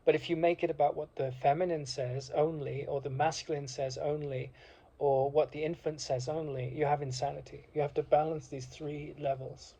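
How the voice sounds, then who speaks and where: Impassioned rambling man, mellow voice. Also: a little high, level tone, moderate pace, vocal fry. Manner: impassioned, rambling with many fillers. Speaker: speaker. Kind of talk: reflective monologue. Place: university degree course alumnus, speaking informally.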